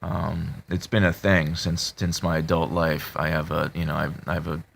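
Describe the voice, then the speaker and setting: A man talking casually to his subscribers, halting with many fillers and restarts, in a flat tone that can sound annoyed. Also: very deep voice, vocal fry, a little hiss or hum. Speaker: video creator talking to subscribers. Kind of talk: casual confessional talk to camera.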